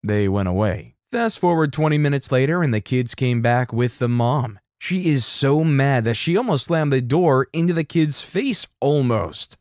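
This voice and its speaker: A man narrating a story in a steady, matter-of-fact scripted reading. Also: medium pitch, moderate pace, few pauses, no room sound, clean studio sound.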